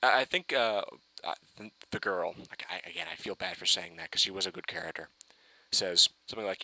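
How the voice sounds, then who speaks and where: Excitable rambling man with gravelly bright voice. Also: mid-range voice, a little fast, no room sound, low-quality recording. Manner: excitable, rambling, swears, frequent restarts. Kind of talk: casual fan review rant.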